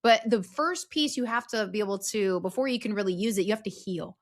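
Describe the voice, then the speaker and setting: A woman's voice: mid-range voice, fairly quick. A woman guest on a podcast, talking earnestly and expressively about faith and healing, acting out quoted voices as she tells stories. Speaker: podcast guest, speaker and story strategist. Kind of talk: casual conversational interview.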